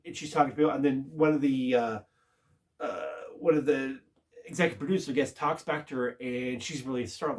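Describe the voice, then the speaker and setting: A man casually recapping a TV episode, rambling and halting with lots of filler words. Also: medium pitch. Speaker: TV show reviewer.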